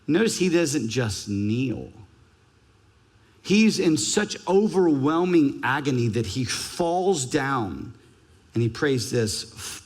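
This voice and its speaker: A man preaching a sermon as pastor, emphatic, ranging from raised urgency to hushed scripture reading. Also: very animated, slow. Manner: emphatic, varies pitch and pace widely, drops to a hush for scripture. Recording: long church hall reverb.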